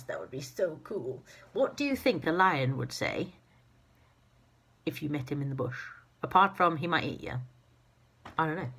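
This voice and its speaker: A woman's voice: deep voice, slightly rough. A woman reading a children's storybook aloud in an informal manner, with fillers and restarts. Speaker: narrator.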